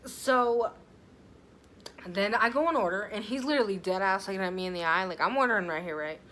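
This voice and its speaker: A woman's voice: medium pitch, a little fast, fairly bright tone, a little hiss or hum. A young woman telling a storytime vlog in a chatty, casual way, full of fillers and swearing. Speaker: vlogger.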